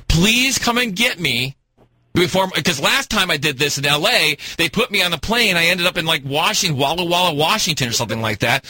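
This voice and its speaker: Male radio host, high bright voice, lively comic storytelling, slightly husky, dry studio sound. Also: quick pace, few pauses, no echo. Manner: animated, exaggerated, theatrical cries of alarm. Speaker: radio talk show host.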